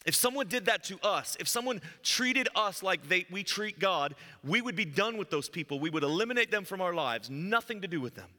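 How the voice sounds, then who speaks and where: A man preaching a sermon as pastor, telling a story and moving between loud emphasis and hushed, low lines. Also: lively intonation, a little fast, few pauses. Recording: long hall reverb.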